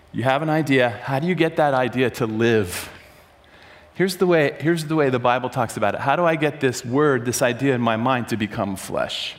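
A man preaching a sermon to a room, telling a story with animated, loud acted-out bursts. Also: medium pitch. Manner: animated, acts out quotes with sudden loud bursts. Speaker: pastor. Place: large room before an audience.

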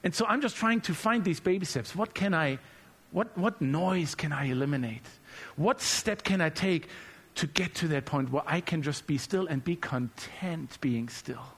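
A male preacher delivering a relaxed, humorous sermon who often repeats words as he speaks off the cuff. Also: a little high, moderate pace, husky. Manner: conversational and humorous, repeats words while searching.

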